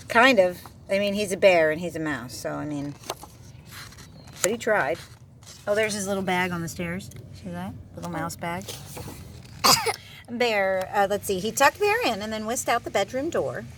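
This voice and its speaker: A woman reading a picture book aloud to a child, expressive and gentle, pausing to chat about the pictures. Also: medium pitch. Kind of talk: storybook read-aloud with asides. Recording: distant mic, faint room noise.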